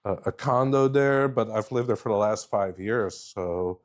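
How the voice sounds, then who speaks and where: A man's voice: lowish voice, measured pace. A middle-aged man telling a story in a casual, rambling way, often restarting his sentences. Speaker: guest speaker.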